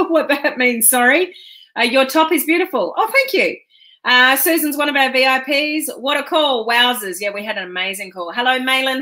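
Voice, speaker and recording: Bright, chatty woman hosting a live stream. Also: high-pitched. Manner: chatty and rambling, with frequent ums. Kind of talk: casual live-stream chat.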